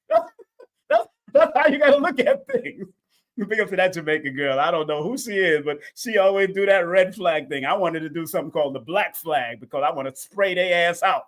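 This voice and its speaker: A man's voice: high-pitched, normal speed. A man hosting a live call-in stream, talking casually and repeating himself with lots of energy. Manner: repetitive, animated, talks to chat and callers.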